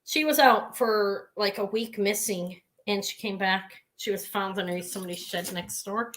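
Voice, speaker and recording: Bright-voiced chatty woman selling jewelry. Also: mid-range voice, moderate pace, slight background noise. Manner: chatty, rambling, with frequent asides. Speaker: host selling jewelry live. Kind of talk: live sales stream chat.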